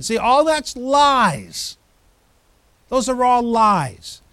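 A man's voice: very high voice, sing-song, drawn-out words, pauses often, sharp tone, clear, resonant tone, dry recording. A man preaching a sermon as pastor, emphatic, building through repeated phrases.

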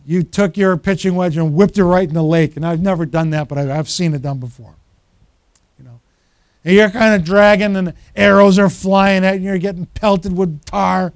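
Lively male preacher with a high voice, recorded dry and close; tells stories and acts out the people he quotes. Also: moderate pace, no room sound. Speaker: pastor. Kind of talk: sermon.

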